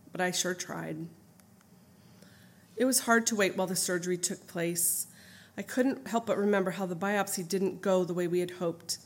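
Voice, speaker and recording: A middle-aged woman reading her own memoir aloud in an earnest, heartfelt, steady way. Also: medium pitch. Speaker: memoir narrator.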